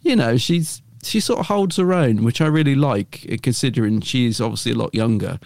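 A man's voice: medium pitch, animated, fairly quick, gravelly, a little mellow, no echo. A man co-hosting a podcast, chatting casually and rambling a little, with many fillers and restarts. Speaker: podcast co-host.

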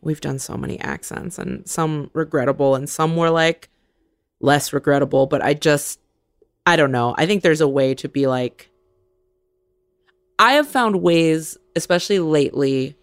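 A woman co-hosting a casual podcast, an improviser who talks in a candid, analytical, measured way on a studio mic. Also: sits low, dry recording.

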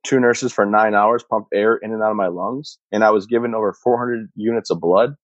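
A man in his thirties, a combat veteran, telling his own story in a steady, matter-of-fact way. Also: on the low side, fairly quick, no room sound. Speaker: interview guest, combat veteran. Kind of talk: personal storytelling. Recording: dull muffled sound, dry.

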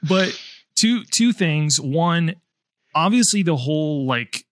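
Animated man talking movies. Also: on the high side, takes it slowly, dry recording, studio quality. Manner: animated, many restarts and "like" fillers. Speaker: film podcast co-host. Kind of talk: casual film discussion.

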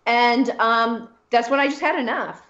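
A woman's voice: fairly high pitch, measured pace, fairly bright tone. A woman guest in an interview, telling a personal story in a candid, emphatic way and repeating phrases for stress. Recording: roomy, dull lo-fi sound.

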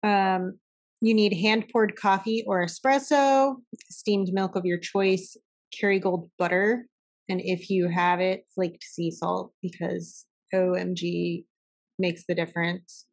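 A woman's voice: on the low side, steady tone, takes it slowly. A woman co-hosting a podcast in casual chat, talkative and swearing freely. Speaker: podcast co-host.

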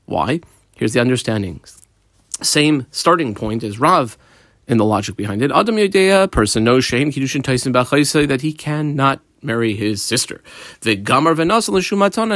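A man's voice: mid-range voice, big pitch swings, normal speed, a bit bright, dry recording. A man teaching a Talmud page, reading Aramaic phrases and translating them into casual English with frequent fillers. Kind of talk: daf yomi lesson.

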